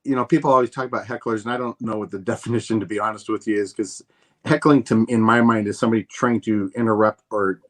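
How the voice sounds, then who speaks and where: A man's voice: lowish voice, fairly even intonation, quick pace. A man hosting a comedy chat show, musing at length in a rambling way. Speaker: comedian host.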